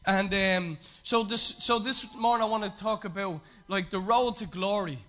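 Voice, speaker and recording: Man, pastor, sermon, bright voice, repetitive emphasis. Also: high voice, moderate pace. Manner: emphatic repetition, frequent fillers.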